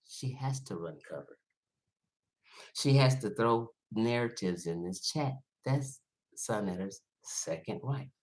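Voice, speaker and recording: A man hosting a livestream, ranting bluntly and profanely, swinging between loud outbursts and low muttering. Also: lively intonation, takes it slowly. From Los Angeles. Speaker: livestream host. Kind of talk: livestream commentary rant.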